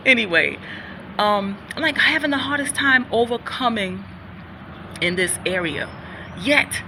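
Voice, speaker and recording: A middle-aged woman talks straight to her viewers in a faith-based vlog, earnest and a little preachy. She circles back over her own phrases and sometimes stumbles over a word. Her voice is bright and forward, with a faint hum of room noise behind her. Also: mid-range voice. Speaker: vlogger.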